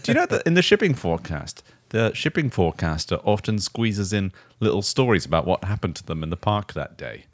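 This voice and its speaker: A man's voice: lowish voice, very animated, brisk, few pauses, dry recording, studio quality. A man hosting a comedy podcast, rambling and laughing in casual chat. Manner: rambling, laughing, hesitant with fillers. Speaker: podcast host.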